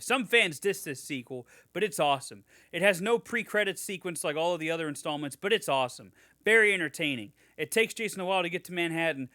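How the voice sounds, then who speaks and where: Sarcastic man reading reviews, bright voice. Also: on the high side, no room sound, clean studio sound. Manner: sarcastic, swears, mock-enthusiastic reading. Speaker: podcast co-host. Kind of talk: casual chat, reading reviews aloud.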